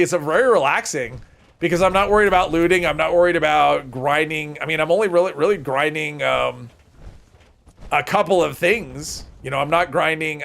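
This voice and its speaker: Male streamer with a somewhat high, gravelly voice, rambling through casual game chatter. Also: fairly bright tone. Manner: rambling, chats with viewers while playing. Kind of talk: casual gameplay commentary.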